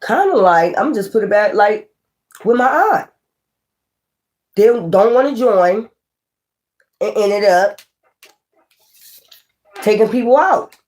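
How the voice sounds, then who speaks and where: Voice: mid-range voice, animated, slow, long pauses, darkish tone. Profane rambling tarot reader. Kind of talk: casual tarot reading to camera.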